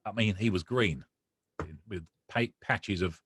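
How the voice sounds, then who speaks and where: Slowly and in a husky, lowish voice, a male podcast guest narrates a personal story full of emotion, acting out the dialogue from conversations he recalls. There's no echo on the recording.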